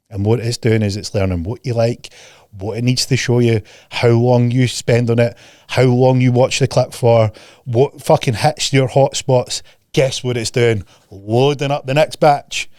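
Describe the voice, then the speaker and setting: A man's voice: medium pitch, a little mellow, no echo, studio quality. A man hosting a podcast in a casual chat, ranting bluntly and profanely and mocking people with put-on voices. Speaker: podcast host.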